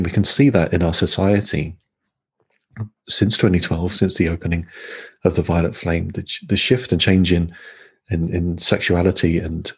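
A man's voice: low voice, vocal fry, breathy edge. A man talking through a spiritual topic in casual conversation, hesitant, with many fillers and restarts. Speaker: podcast guest.

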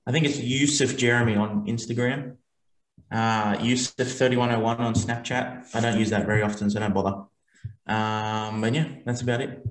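A man's voice: mid-range voice, fairly even intonation, moderate pace, a little hiss or hum. A man appearing as a guest on a podcast, chatting in an easygoing, agreeable way. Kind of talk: casual chat. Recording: echoey room.

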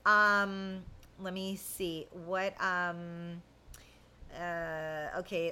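A woman's voice: fairly low pitch, steady tone, drawn-out words, pushed and bright, smooth, poor audio. A woman chatting casually as a host, reading viewer comments aloud and laughing often. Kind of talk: casual chat.

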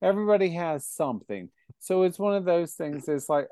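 A man with a Southern US accent, co-hosting a podcast in campy, animated casual chat. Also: fairly high pitch, fairly quick, clear, resonant tone, dry recording, studio quality. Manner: campy, animated, laughs often. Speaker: podcast co-host.

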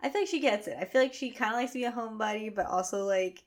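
A woman's voice: on the high side, very fast. Chatty woman telling stories with many fillers. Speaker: podcast co-host. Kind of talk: casual chat.

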